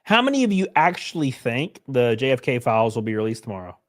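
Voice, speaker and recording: A fast-talking man with a medium-pitched, sing-song voice hosts a casual livestream. He reads viewers' comments aloud and answers them in a loose, joking, rambling way.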